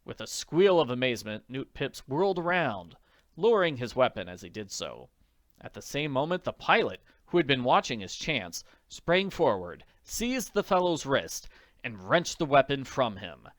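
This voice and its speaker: A man reading an audiobook in an expressive narrating voice. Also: mid-range voice, normal speed, no room sound, studio quality. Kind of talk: scripted narration.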